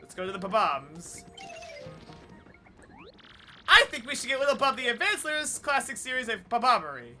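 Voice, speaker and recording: Very bright-voiced joking streamer. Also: mid-range voice, sing-song, moderate pace, long pauses, soft background music. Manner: wry, jokey, chatty. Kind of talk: joking let's-play commentary.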